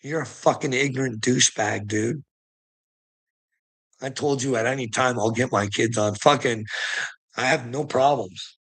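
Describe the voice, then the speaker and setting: A man's voice: mid-range voice, measured pace, long pauses, fairly bright tone, husky. A man on an angry livestream rant, swearing heavily and sounding bitter and indignant. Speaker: streamer.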